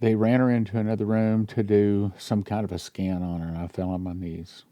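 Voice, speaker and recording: A man in his sixties, a pastor, reading a dream account aloud in a sermon and talking earnestly, growing quiet and emotional over a personal story. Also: lowish voice, flat delivery, fairly quick, no room sound.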